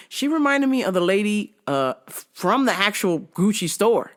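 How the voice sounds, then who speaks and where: A woman host tells a story in casual, comedic fashion. She swears freely and laughs often between lines. Her pitch sits in the middle of the usual range. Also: normal speed. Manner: profane, animated, often laughing. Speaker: podcast host.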